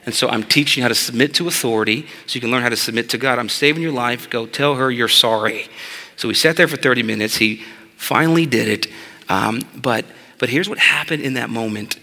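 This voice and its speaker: Bright-voiced preacher in a reverberant hall. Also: male voice, mid-range voice, brisk. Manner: conversational, humorous storytelling. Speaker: pastor. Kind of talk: sermon. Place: church sanctuary.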